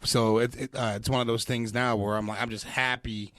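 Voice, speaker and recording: A man in his forties, a stand-up comic guest on a podcast, talking in an animated, profane way with frequent laughs and repeated words. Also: mid-range voice, fairly quick, dry recording. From Pittsburgh area. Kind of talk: casual chat.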